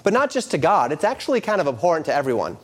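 A middle-aged man preaching a sermon as a pastor. His voice sits fairly high, and he speaks earnestly. He slips between quoted scripture and animated stories from everyday life. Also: rapid-fire.

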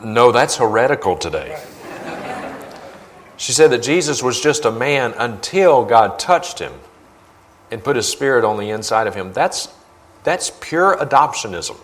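A man's voice: mid-range voice, very animated, measured pace, long pauses, slight background noise. A man preaching as a guest speaker, indignant and emphatic, repeating phrases for force. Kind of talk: sermon with video commentary.

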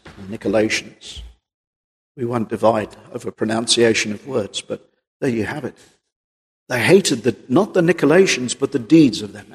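A man's voice: medium pitch, a little mellow, husky. A man preaching a sermon in an earnest, emphatic way, reading old-style scripture aloud. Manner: earnest, emphatic, quotes King James scripture. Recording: long reverb of a large hall.

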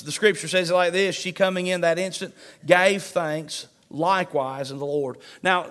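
A man's voice: high-pitched, a bit bright. A man pastor preaching a sermon with an emphatic, repetitive cadence, reading scripture aloud.

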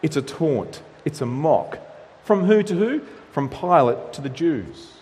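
A man preaching in a church hall, his voice set a little high for a man. He talks in an animated way and acts out the quotes he reads. A long reverb trails after each phrase. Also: unhurried. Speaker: pastor. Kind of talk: sermon.

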